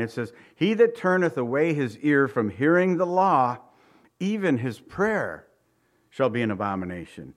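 A man teaching a sermon in a casual, digressive way, reading scripture aloud and asking the listeners rhetorical questions. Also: a little high. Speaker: pastor. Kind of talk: conversational Bible teaching.

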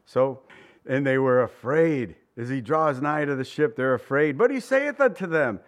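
A man's voice: fairly high pitch, expressive, moderate pace. A middle-aged man preaching a sermon in a conversational way, acting out quotes as he goes. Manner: conversational, dramatizes voices and quotes.

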